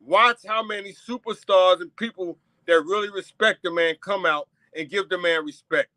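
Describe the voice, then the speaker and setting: This New York talk show host riffs emphatically to his viewers, circling back over the same points in casual solo commentary. His high voice sounds pushed and bright at a moderate pace, in a dry, low-quality recording.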